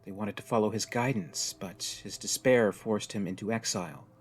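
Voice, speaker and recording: A man's voice: on the low side, normal speed, slightly rough. A man voicing a jaded, resigned young woman. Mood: explaining. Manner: blunt, weary, resigned. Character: jaded tough young woman stranded on an alien world.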